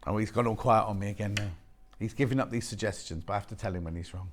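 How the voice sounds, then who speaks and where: A man's voice: on the low side, fast talker, a little hiss or hum. A man presenting on a live shopping channel, chatting, gushing over fabrics and joking with the crew behind the camera. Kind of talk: live TV sales chat. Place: TV studio.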